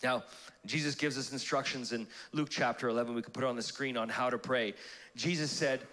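A young adult man preaching a live church sermon, animated and playful, acting out prayers in comic voices. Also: medium pitch, brisk. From Canada. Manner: animated, acts out prayers in funny voices, laughs often. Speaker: pastor. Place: church auditorium.

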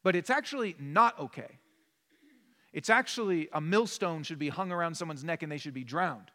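A man's voice: fairly high pitch, moderate pace, sharp tone, big-room sound. A male pastor preaching a sermon in an earnest, emphatic, conversational way. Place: church sanctuary.

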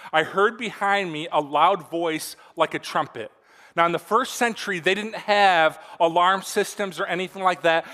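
A young man delivers an earnest, conversational sermon, often pausing to check in with his listeners. His voice sits high and sounds bright and forceful. It rings out in a reverberant church hall. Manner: earnest, conversational preaching with frequent "all right?" asides. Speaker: pastor.

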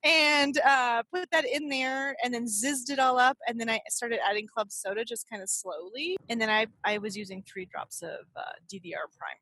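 A woman's voice: fairly high pitch, fairly even intonation, moderate pace, hardly any pauses, bright, forceful tone, a little hiss or hum. A woman co-hosting a casual podcast chat, giggly and teasing. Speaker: podcast co-host.

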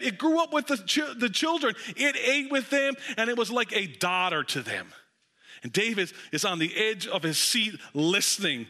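A man preaching a sermon as pastor in a church, telling a story with lively asides to the congregation. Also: high voice.

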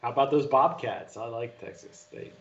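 A man on a betting panel giving his picks in a relaxed way. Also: medium pitch, moderate pace, muffled recording. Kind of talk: casual group chat.

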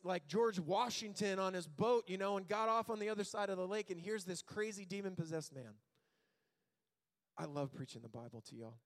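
Male pastor, slightly high voice, animated sermon storyteller who plays the quotes for laughs. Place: church sanctuary.

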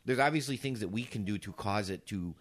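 A man's voice: fairly low pitch, fairly quick. A man co-hosting a casual podcast, reasoning aloud and arguing his points through rhetorical questions. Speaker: podcast co-host.

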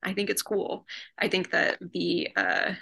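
A woman co-hosts a casual comic chat, giving blunt, opinionated takes with frequent laughs. Her voice is low and gravelly but bright and forceful. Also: flat delivery, a little slow. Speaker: podcast co-host.

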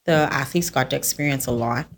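Low-voiced woman, chatty. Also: a little fast. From The Bahamas. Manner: chatty storyteller, laughs often. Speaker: podcast guest, sports volunteer. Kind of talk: casual chat.

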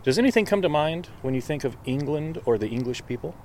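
A man from the United States doing casual street interviews outdoors, with a playful, mock-grand, deadpan way of talking. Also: fairly high pitch, fast talker, slight background noise. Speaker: street interviewer, podcast reporter.

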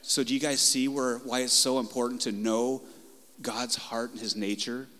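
A male pastor preaching a passionate, conversational sermon in a church, moving between loud and soft delivery. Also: medium pitch, little pitch movement, moderate pace, long reverb tail. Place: church sanctuary.

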